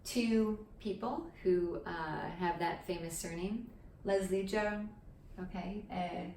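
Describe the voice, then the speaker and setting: A woman with a lowish, slightly mellow voice speaks slowly while teaching a language lesson at a board, chatty and casual, with step-by-step explanations and regular "okay?" checks. The echoey indoor recording has a distant mic and slight background noise.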